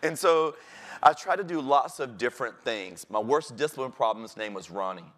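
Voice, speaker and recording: A middle-aged man, a teacher, telling stories from his classroom with lively delivery and acting out the voices of kids and his principal. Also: medium pitch, a little fast. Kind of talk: storytelling talk.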